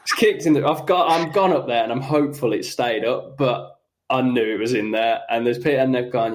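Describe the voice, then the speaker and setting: A young man, a pro golfer, telling animated, self-mocking stories about his round in casual podcast chat. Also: medium pitch. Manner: animated, self-mocking anecdotes with quick asides. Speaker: professional golfer guest.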